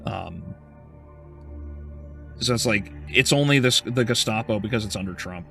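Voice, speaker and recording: A man's voice: on the low side, normal speed, creaky, bright, forceful tone, soft background music. A male game streamer in casual livestream chat, ranting heatedly with profanity and frequent stumbling restarts.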